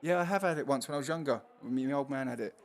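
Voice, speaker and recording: A man's voice: mid-range voice, very fast, slight background noise. A man with a London Cockney accent hosting casual live race commentary, joking and reading out chat messages between laps. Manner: chatty, jokey, reads out chat messages. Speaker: race commentator and stream host.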